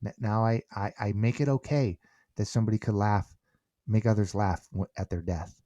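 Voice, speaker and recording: Low-voiced man telling stories animatedly. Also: moderate pace, no echo, muffled recording. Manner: animated, repeats words when restarting, acts out quoted dialogue. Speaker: podcast guest. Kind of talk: conversational storytelling.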